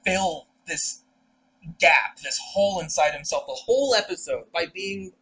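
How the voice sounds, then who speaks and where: A man's voice: on the high side, animated, a little slow, pushed and bright, poor audio. A young man co-hosting a podcast in casual chat, rambling through stories with many fillers and restarts. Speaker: podcast co-host.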